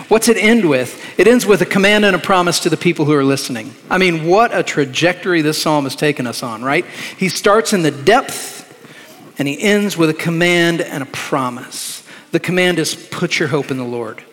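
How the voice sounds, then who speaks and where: A man preaching a sermon as pastor, earnest and emphatic, slowing down to stress key words. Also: a little high, animated, a bit bright. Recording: long reverb of a large hall.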